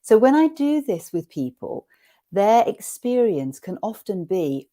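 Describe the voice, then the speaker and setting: A woman leading an online teacher-training session, guiding the group through an awareness exercise in a gentle, inviting way. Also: medium pitch, sing-song. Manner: gentle, inviting, slows for guided reading. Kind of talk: guided classroom exercise.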